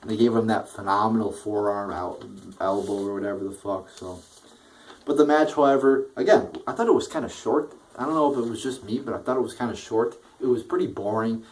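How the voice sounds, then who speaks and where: A man's voice: lowish voice, fairly quick, a little mellow, slight background noise. A young man giving a casual, profane rant reviewing a wrestling show, often restarting his sentences and getting worked up. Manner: profane, frustrated ranting with frequent restarts.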